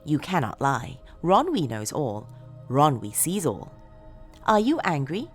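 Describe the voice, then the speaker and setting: A woman voicing a slow, taunting evil computer program. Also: low voice, huge pitch swings, faint music behind, exaggerated voice. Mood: taunting menace. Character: sinister all-knowing male computer program.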